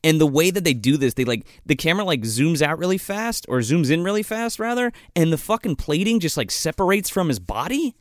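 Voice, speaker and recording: A man's voice: fairly high pitch, very animated, brisk, few pauses, no room sound, clean studio sound. A man retelling film scenes in casual, heavily profane chat, rambling through the plot.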